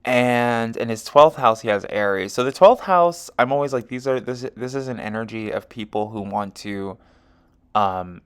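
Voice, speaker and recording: Gravelly man rambling through an astrology reading. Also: lowish voice, a bit bright. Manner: rambling, heavy with fillers like um and you know; chatty, with self-corrections. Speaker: astrology and tarot reader. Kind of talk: casual chart-reading monologue.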